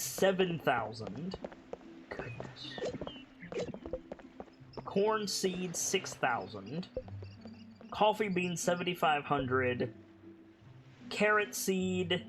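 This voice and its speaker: A woman's voice: deep voice, background noise. A woman streamer reading out in-game prices and reacting dryly while playing, with game music behind. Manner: reads prices aloud, dry reactions. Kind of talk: gameplay commentary.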